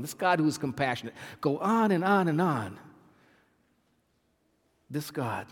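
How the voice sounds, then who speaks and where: A man preaching a sermon as pastor, emphatic, repeating phrases and swinging from loud to soft. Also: medium pitch, slightly rough, big-room sound. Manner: emphatic, repeats phrases, swells and drops in volume.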